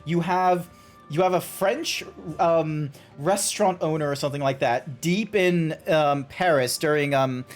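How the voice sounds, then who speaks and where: A man's voice: on the high side, a little slow, soft background music. A man streaming a game, chatting casually and rambling through a story with lots of ums and restarts. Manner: rambling storytelling with many fillers and restarts, laughing at his own retellings. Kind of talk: casual chat while gaming.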